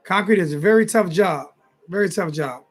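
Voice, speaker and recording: A man's voice: high voice, normal speed. A man in his forties hosting a casual late-night sports talk livestream, tired, rambling and repeating himself as he talks straight to his chat. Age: 40s. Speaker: sports talk show host.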